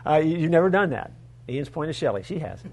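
This pastor talks fast in a slightly high, gravelly voice. During his sermon he retells a story in an animated way, adding funny asides for the congregation.

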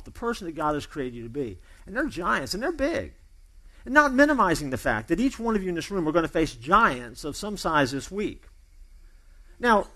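A man's voice: a little high, fairly bright tone. A man preaching a sermon in a loose, conversational storytelling way, often repeating and restarting his words. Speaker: pastor. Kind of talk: sermon opening with a told joke.

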